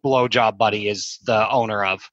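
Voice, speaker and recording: A man's voice: on the low side, fairly even intonation, moderate pace, a bit bright, dry recording, lo-fi sound. A man co-hosting a podcast, giving blunt, profane opinions in casual chat. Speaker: podcast co-host.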